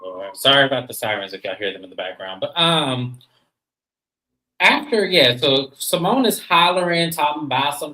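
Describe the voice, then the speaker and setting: Brief: lively recap co-host, bright voice, roomy room sound. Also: medium pitch, normal speed. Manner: animated storyteller who acts out the quotes. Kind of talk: casual TV recap chat.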